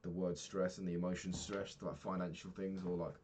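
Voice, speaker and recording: A man's voice: sits low, level tone, fairly quick, a little mellow, a little hiss or hum. A young man in his twenties talking frankly in a rambling daily vlog, swearing casually and filling gaps with ums. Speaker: vlogger.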